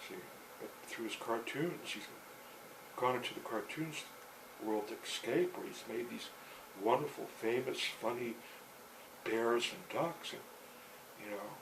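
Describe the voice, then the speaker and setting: An older man spins a story aloud in a halting, rambling way, full of fillers and restarts. His voice sits in an ordinary middle pitch. A faint noise hangs under the recording. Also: vocal fry.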